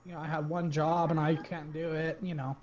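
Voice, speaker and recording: A man's voice: on the high side, flat delivery, a little fast, a little mellow, highs cut off, a little hiss or hum. A married man playing a co-op game with friends, teasing and joking in casual chat. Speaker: co-op gaming partner. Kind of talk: casual chat while gaming.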